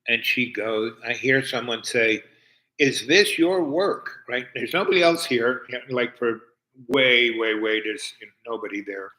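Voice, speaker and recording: An older man from New York telling a long personal story in a halting way, full of fillers and restarts. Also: mid-range voice, bright, forceful tone, rough recording. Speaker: storyteller host. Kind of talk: rambling personal anecdote.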